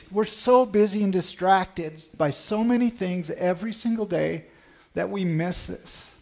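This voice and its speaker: A man's voice: high voice, gravelly, darkish tone. A man giving an earnest talk at church about a mission trip, and leading the congregation in a hands-on exercise. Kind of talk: sermon.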